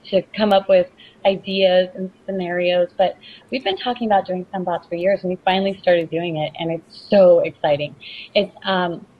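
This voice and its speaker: A woman's voice: lowish voice, lo-fi sound. A woman guest chatting casually and boldly, flirting and joking about her work. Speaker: guest adult film performer and producer. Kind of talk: casual podcast chat. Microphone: video call.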